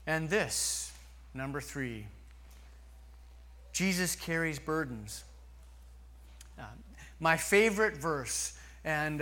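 Male pastor, sermon delivery, slow and deliberate, bright tone. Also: a little high. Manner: slow, earnest preaching with long pauses.

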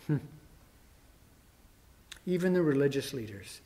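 A man's voice: a little high, expressive, unhurried, darkish tone. A man preaching a sermon with rising emphasis, voicing the mockers' words with dramatic force. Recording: long hall reverb.

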